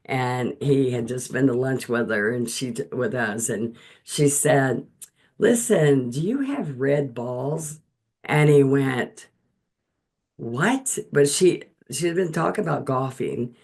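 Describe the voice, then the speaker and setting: A woman hosting a painting lesson over a video call, telling stories in an animated way and often laughing between steps of instruction. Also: very deep voice, unhurried, hardly any pauses. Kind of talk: chatty storytelling and painting instruction.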